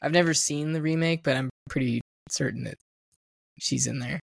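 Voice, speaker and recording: Male podcast co-host, gravelly, dry close mic, laughs a lot, loose chatty delivery. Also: a little high, normal speed, dry recording. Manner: chatty, laughs often, many "like" fillers. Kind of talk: casual film podcast chat.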